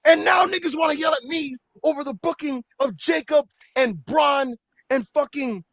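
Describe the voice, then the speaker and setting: A man's voice: extremely high pitch, moderate pace, a bit bright, no room sound, poor audio. A man ranting animatedly on a casual wrestling podcast, swearing and mocking the people who doubted him. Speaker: podcast co-host.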